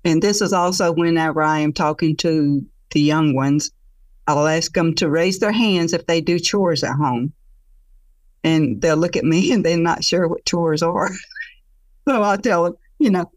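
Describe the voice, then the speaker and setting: A woman storyteller telling a traditional tale in an expressive, conversational way, laughing along with it. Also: deep voice, measured pace, dry recording, distant mic.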